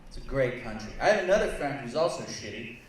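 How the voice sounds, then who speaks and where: In an echoey bar room captured by a distant mic with faint background noise, a comic who also co-hosts works the lounge stage. He talks fast in a sing-song, medium-pitched voice, delivering crude, rambling jokes at his own expense.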